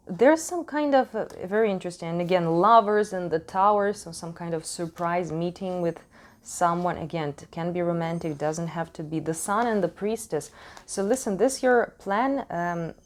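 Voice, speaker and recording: A woman who is not a native English speaker gives a casual tarot reading at home into a desk microphone, talking frankly, swearing freely and laughing often. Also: fairly low pitch. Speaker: tarot reader. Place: home in Switzerland.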